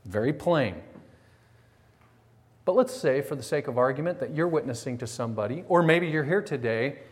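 A man's voice: medium pitch, normal speed. Preaching man in a reverberant hall. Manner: animated storytelling with acted quotes, rhetorical questions. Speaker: pastor. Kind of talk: sermon. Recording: long reverb of a large hall.

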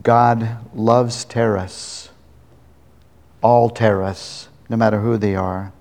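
A man preaching a sermon as a story, earnest, slowing down to stress key words. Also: lowish voice, fairly even intonation, a little mellow. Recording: long reverb of a large hall.

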